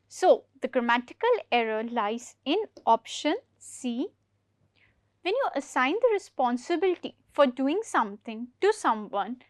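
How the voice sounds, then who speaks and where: A woman teaching an English grammar lesson for exam preparation, explaining each point slowly and repeating key words. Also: sits high, dry recording, studio quality.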